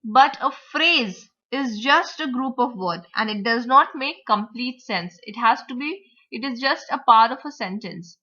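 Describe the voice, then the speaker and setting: A woman teacher explaining vocabulary, word stress and grammar, repeating example words slowly to model the stress. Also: a little high, expressive, sharp tone. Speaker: English teacher. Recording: dull lo-fi recording.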